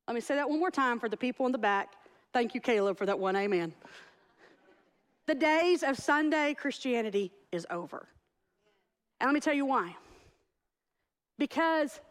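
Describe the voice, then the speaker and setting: A middle-aged woman delivers a sermon, her voice riding high. She preaches with animated conviction, acting out the people in her stories. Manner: animated, storytelling with acted-out quotes. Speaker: pastor.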